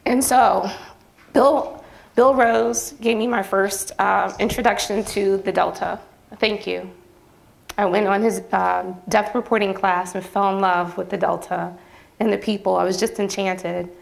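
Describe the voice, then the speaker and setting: Brief: female professor presenting to an audience, earnest and a bit nervous, mid-pitched voice. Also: steady tone, measured pace, creaky. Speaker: journalism professor presenting her project. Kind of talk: public presentation. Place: campus event venue.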